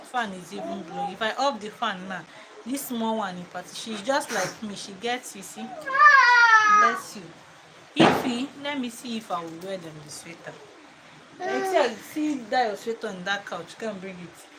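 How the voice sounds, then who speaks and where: A woman's voice: medium pitch, big pitch swings, moderate pace. A woman chatting casually at home in her vlog, scolding her child between remarks. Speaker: vlogger. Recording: loud ambient noise.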